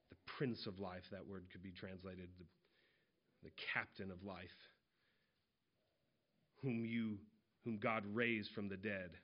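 Lower-voiced man preaching a sermon. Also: muffled recording. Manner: conversational expository preaching, retelling parables in casual voices.

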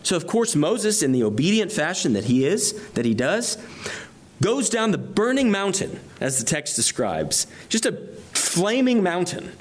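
A male pastor gives an expository sermon, reading verses aloud and explaining each in turn, with emphasis climbing on key phrases. His high voice swings widely in pitch and moves a little slowly.

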